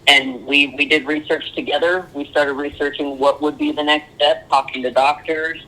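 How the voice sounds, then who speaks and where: Young male podcast guest, bright tense tone, earnest, pauses with ums. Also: a little high, fairly even intonation, rough recording. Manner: earnest, halting with frequent ums. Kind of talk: candid personal interview.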